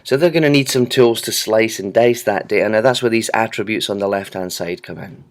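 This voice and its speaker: Low-voiced man demoing software. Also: fairly quick. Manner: relaxed, conversational, with frequent ums. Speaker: software product presenter. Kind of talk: screen-recorded product walkthrough.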